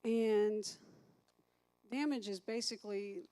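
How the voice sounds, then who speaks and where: A woman's voice: mid-range voice, takes it slowly, warm tone. A woman teaching a recovery class as a sponsor, chatty, thinking aloud and asking the group questions.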